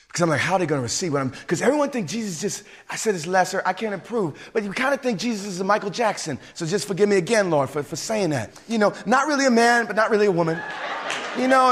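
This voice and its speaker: Animated high-voiced male preacher. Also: long reverb tail. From suburbs. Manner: animated, emphatic, with asides and repeated restarts. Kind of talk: sermon.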